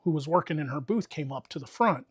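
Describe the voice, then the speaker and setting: A man's voice: a little high, expressive, fast talker, breathy edge, dry recording, clean studio sound. A man casually telling a long, profane story to friends on a stream, talking with lots of energy.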